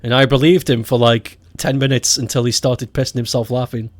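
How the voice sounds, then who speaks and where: A man's voice: medium pitch, little pitch movement, brisk, no room sound. Chatty Scottish man, dry close sound. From Scotland. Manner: joking, laughs often, playful imitations. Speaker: streamer. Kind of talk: casual chat while gaming.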